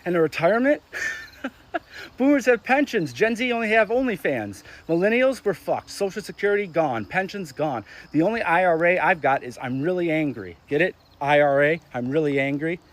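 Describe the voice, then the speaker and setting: A young man delivering a crude, sarcastic comedic rant, exasperated and animated, with sudden loud spikes. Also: sits high, a little fast, few pauses. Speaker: ranting commentator.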